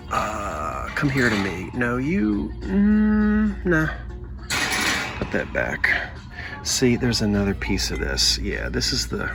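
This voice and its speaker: A man's voice: medium pitch, a bit bright, breathy edge. A man in his forties or fifties from South Jersey, with a slight South Jersey accent, chatting to himself and his viewers while browsing store aisles on a handheld phone camera. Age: 40s to 50s. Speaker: antiques vlogger. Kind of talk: casual thrifting vlog. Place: thrift store aisles, then a parked car.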